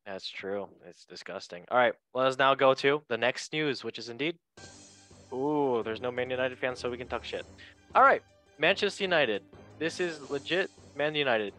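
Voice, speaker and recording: A man's voice: mid-range voice, normal speed, bright, forceful tone, no room sound, faint music behind. A man hosting a casual football podcast, joking and asking each guest for a word in turn. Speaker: podcast host. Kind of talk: casual chat.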